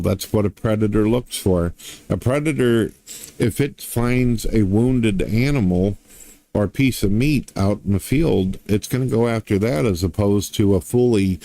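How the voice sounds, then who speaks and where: A middle-aged man delivers a profane, swaggering rant straight to his viewers. His voice sits low with a dark, mellow timbre. The sound is close and dry, with no room around it. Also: dry recording. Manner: crude, blunt, swaggering, lots of swearing. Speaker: online commentator.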